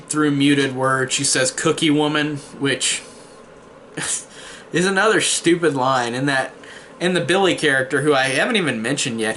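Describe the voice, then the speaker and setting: A man's voice: medium pitch, bright, forceful tone, a little hiss or hum. Rambling young man reviewing a movie. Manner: rambling, opinionated, many fillers. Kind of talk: casual spoken film review.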